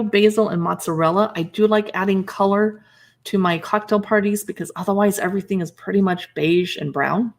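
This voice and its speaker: A woman hosts a relaxed livestream and flips through a cookbook, reading recipe names aloud and adding quick comments between them. Her voice sits at an ordinary middle pitch. She chats easily and stops to greet viewers and answer their messages. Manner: chatty, reads dish names aloud and reacts with short remarks. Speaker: livestream shopping host. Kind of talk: casual livestream chat, reading recipe titles.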